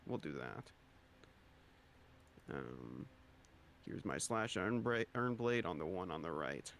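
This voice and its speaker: A man's voice: low voice, animated, measured pace, creaky, a bit bright, slight background noise. A man playing a tabletop role-playing game, chatting casually and hesitantly, with playful swearing.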